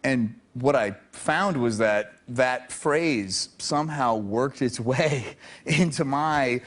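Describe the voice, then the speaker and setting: A man's voice: medium pitch, takes it slowly, a little hiss or hum. A man in his thirties telling a talk show anecdote; his L and R sounds come out as W. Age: 30s. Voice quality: speech impediment, L and R sound like W. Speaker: celebrity guest.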